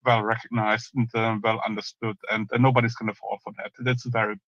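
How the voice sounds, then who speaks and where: A man hosting a live online audio chat, answering questions with many ums and halting restarts. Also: lowish voice, little pitch movement, no echo, lo-fi sound. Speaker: host.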